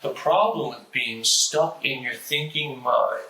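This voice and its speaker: A man with a stutter recites a spiritual lecture in a slow, deliberate way, pausing often. His voice is bright and clear. The room around him sounds echoey. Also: medium pitch. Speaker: host reciting a famous lecture.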